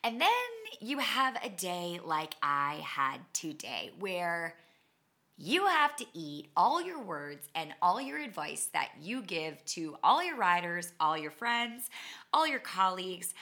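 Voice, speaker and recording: A woman hosting a podcast, telling a story in a chatty, animated way with dramatic asides and self-mocking humor. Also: mid-range voice, a little slow. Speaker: podcast host and cycling instructor. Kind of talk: casual monologue storytelling.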